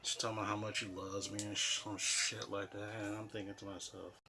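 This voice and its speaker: A man's voice: fairly low pitch, little pitch movement, fairly quick, creaky, pushed and bright, a little hiss or hum. A man telling a personal story in a casual, rambling way, full of "you know" fillers and blunt, profane asides. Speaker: vlogger.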